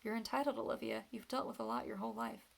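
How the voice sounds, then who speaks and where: A woman's voice: on the high side, very animated, fast talker, creaky, exaggerated voice. A woman voicing a caring teenage boy in a storybook reading, earnest and soothing.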